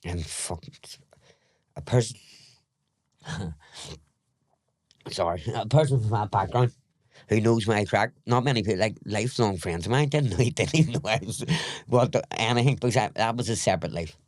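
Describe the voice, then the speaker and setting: A middle-aged Northern Irish man with a very low voice tells his story candidly, rambling and swearing now and then as he acts out past exchanges. The sound is close and dry, with no room around him. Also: normal speed, long pauses, dry recording. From Northern Ireland. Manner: rambling, frank, swears, retells scenes in dialogue. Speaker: podcast guest.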